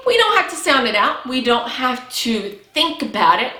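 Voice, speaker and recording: High, animated preschool teacher woman. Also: echoey room. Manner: slow, exaggerated, encouraging teacher talk with praise. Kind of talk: early reading lesson for young children.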